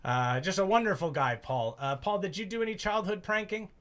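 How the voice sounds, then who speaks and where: A man's voice: high voice, expressive, brisk, a bit bright. A man hosting a call-in show, chatting casually and joking with callers. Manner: loose, joking, swears casually. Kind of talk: casual call-in radio-style chat.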